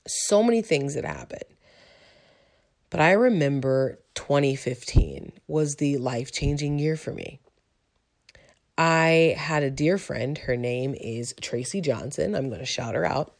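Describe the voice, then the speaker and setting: A woman's voice: extremely low pitch, a little mellow. A woman in her forties sharing a personal testimony about her faith and mindset in a reflective, conversational way, with frequent ums. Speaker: teacher sharing a personal story.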